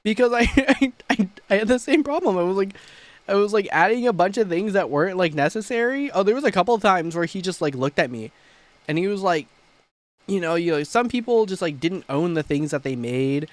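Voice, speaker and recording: Young male streamer, high and very lively voice, casual and profane, laughs a lot. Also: brisk, no echo. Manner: animated, laughing, swearing often.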